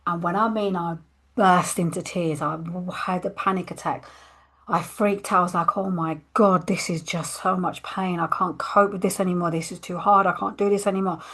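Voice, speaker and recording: A woman's voice: fairly low pitch, moderate pace. Candid woman telling her story. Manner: candid and expressive, acting out her past thoughts. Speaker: coach. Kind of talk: personal storytelling monologue.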